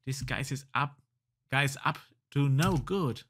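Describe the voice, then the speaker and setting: A man's voice: mid-range voice, slow pace, fairly bright tone. A man hosting a let's play, reading game text aloud and muttering casual reactions.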